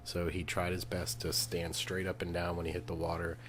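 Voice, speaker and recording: A man's voice: low voice, completely flat delivery, fairly quick, slight background noise. A man co-hosting a faith podcast, earnestly retelling someone else's story at length in casual chat. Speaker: podcast co-host.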